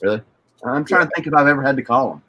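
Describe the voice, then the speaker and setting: A man's voice: mid-range voice, expressive, racing, sharp tone, muffled recording. A man hosting a casual chat, rambling and restarting as he asks questions. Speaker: host.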